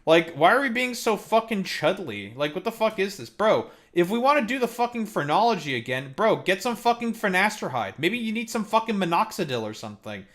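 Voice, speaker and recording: A man on a live stream tears into a clip with heated, mocking commentary, cursing at every turn. His voice sits a little high and swings wildly up and down. He talks in a loose, casual stream style. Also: sing-song, brisk, few pauses, fairly bright tone. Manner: heated, mocking, swears constantly. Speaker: streamer host. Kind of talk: profane live-stream reaction rant.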